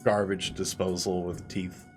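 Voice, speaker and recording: Guy running a tabletop game, lowish voice, loose and rambly, some music faint behind. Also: level tone. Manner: casual, halting, swears freely. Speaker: game master.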